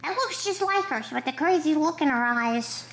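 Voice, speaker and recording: Woman voicing a high, gushing little terrier boy. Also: expressive, moderate pace, a bit bright, a little hiss or hum. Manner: gushing, chatty about treats. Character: excitable young male terrier dog, greedy chewer.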